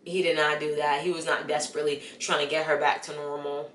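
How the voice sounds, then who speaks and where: A young woman, casually ranting about a movie she saw and talking straight to the viewer in an animated, exasperated way. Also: low-pitched, fast talker, reverberant, slight background noise. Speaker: vlogger. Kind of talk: casual movie review rant.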